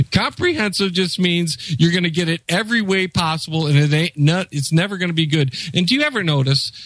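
A man's voice: sits high, fairly quick, fairly bright tone, dry recording, rough recording. An American man co-hosting a casual political chat, exasperated and ranting. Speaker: podcast co-host.

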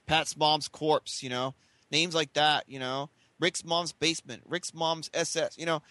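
Bright-voiced, stammering man. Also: on the high side, steady tone, a little slow, dry recording. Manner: stammering restarts, defensive explaining. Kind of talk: casual chat.

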